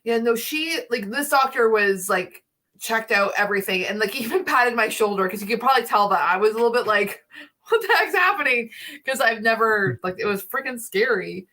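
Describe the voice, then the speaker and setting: A woman's voice: a little high, brisk, bright, forceful tone. A young woman co-hosting a casual livestream chat, telling a story with lots of "like" and nervous laughter. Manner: breathless, laughing storytelling with many "like"s. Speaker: co-host.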